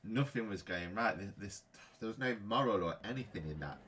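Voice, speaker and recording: Deep-voiced frustrated man gaming. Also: animated, a little fast. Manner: frustrated, grumbling. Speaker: gaming YouTuber. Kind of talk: casual gameplay commentary.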